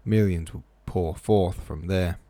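A man reading aloud the lines of a brisk, commanding Russian count in a storybook reading. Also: low voice, warm tone, dry recording. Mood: firm.

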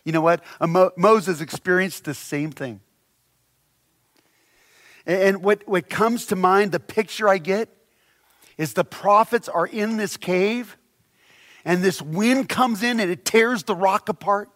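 A man delivers a sermon in a fairly high voice. He preaches with humor and animation, slipping into voices for the people in his stories. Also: measured pace, long pauses, fairly bright tone. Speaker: pastor.

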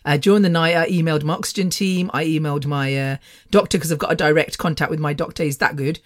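A woman's voice: sits low, steady tone, fast talker. Middle-aged British woman, casual podcast host, rambling storyteller. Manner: chatty, rambling, laughs often. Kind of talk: casual personal monologue.

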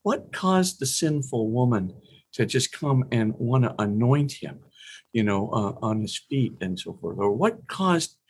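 A middle-aged priest giving conversational spiritual teaching, retelling gospel scenes with animation and briefly voicing the people in them. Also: male voice, medium pitch, very animated, a little slow, breathy edge. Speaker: priest and podcast guest.

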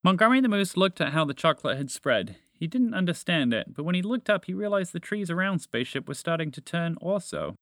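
A man narrating a children's storybook in a calm, even reading manner. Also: a little high, brisk, few pauses, dry recording, studio quality.

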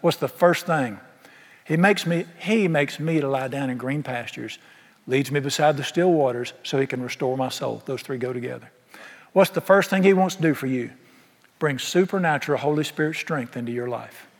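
Here a man speaks at normal speed in a mid-range voice, preaching as a pastor to his congregation in a folksy, emphatic style and throwing rhetorical questions at them. His church sanctuary gives the audio a large hall's long reverb.

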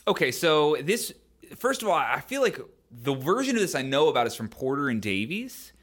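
A man's voice: on the high side, big pitch swings, normal speed, fairly bright tone. A man co-hosting a podcast, talking casually and rambling with many fillers and hedges. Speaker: podcast co-host.

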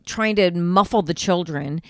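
This podcast co-host, a woman, speaks at a measured pace in a voice on the low side, recorded clean in a studio with no echo. In casual chat she tells a story, acts out what people said, and swears a lot.

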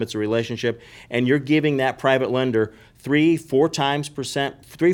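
A man in casual podcast talk, explaining things emphatically and repeating his key points. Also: medium pitch. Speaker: real estate investor and podcast guest.

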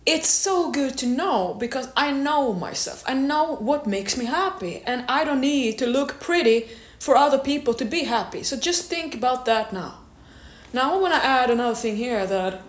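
Blunt, higher-voiced woman fitness coach. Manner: blunt, candid, swears now and then. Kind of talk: motivational monologue. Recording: echoey room.

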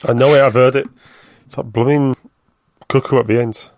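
A man's voice: medium pitch, fairly even intonation, moderate pace. A man guessing in a casual quiz among friends, unsure and laughing. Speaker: quiz contestant.

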